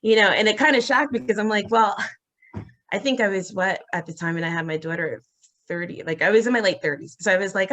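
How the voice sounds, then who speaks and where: A woman as an interview guest, telling a personal story in a halting, earnest way with many fillers and restarts. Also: a bit bright. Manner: acts out quoted voices, rising high.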